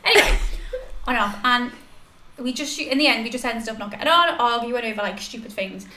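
A young woman in her twenties telling animated stories in a casual chat, laughing often. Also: a little high, a little fast. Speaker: podcast guest. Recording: echoey room with noise.

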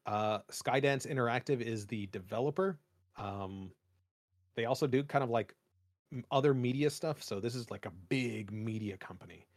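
This young podcast co-host chats casually at normal speed in a medium-pitched voice, wandering off track, joking, and using plenty of fillers. The recording is dry and studio-clean.

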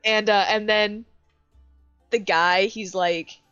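A young adult woman co-hosting a podcast, telling an animated story with swearing and lots of fillers. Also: fairly low pitch, slow pace, pauses often, no echo, dull audio, soft background music. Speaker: podcast co-host. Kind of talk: casual chat.

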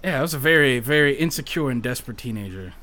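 Male guest, thirties, lively bright voice, chatty storyteller who swears a lot. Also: medium pitch, fast. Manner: animated storyteller, swears freely, self-deprecating. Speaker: podcast guest. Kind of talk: casual chat.

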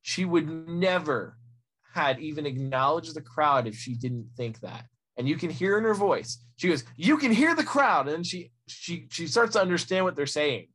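A man's voice: a little high, expressive, normal speed, fairly bright tone. A man co-hosting a podcast in casual chat, blunt and emphatic, often opening his points with "listen.". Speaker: podcast co-host.

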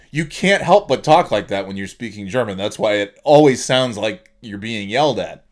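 A man with a lowish voice, lively intonation, and a moderate pace hosts a casual solo podcast. He reads out listener cities in a jokey way, trying silly accents as he goes.

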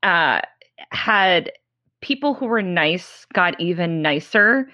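A woman's voice: fairly low pitch, lively intonation, slow pace, bright, forceful tone, no room sound. A woman podcast host in casual chat, self-mocking and often restarting her sentences. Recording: dry, dull lo-fi sound.

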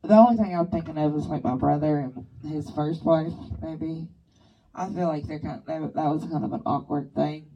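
Lower-voiced wry woman, distant mic. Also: normal speed, mellow, slightly rough, muffled recording. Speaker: podcast co-host. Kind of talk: casual chat.

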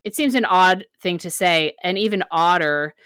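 A woman's voice: lowish voice, moderate pace, fairly bright tone, clear, resonant tone, no echo, clean studio sound. A woman co-hosting a casual book chat, retelling the plot and reading quotes with feeling. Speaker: podcast co-host recapping a book.

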